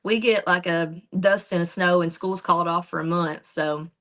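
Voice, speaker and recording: A woman's voice: fairly low pitch, steady tone, moderate pace, a bit bright. Easygoing young woman, Eastern Kentucky accent. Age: young adult. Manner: easygoing, laughs often. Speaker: country singer guest. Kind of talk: casual interview chat. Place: her home office.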